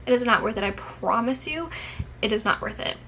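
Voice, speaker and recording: A woman's voice: a little high, animated, fairly quick, bright, forceful tone, a little hiss or hum, poor audio. A young woman chatting casually to her camera at home as a vlogger, rambling and candid, swearing now and then.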